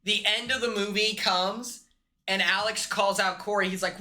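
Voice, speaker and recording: A man's voice: high-pitched, fairly even intonation, normal speed, bright, forceful tone. A man hosting a comedic movie recap, rambling and acting out the characters' lines himself. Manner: rambling, acts out characters in quotes. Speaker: host.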